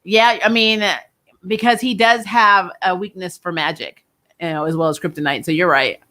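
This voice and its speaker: A woman's voice: lowish voice, normal speed, sharp tone. A young adult woman hosting a casual live-stream chat about TV shows, talking loosely, laughing often and trailing off mid-sentence. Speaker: host of a TV review channel.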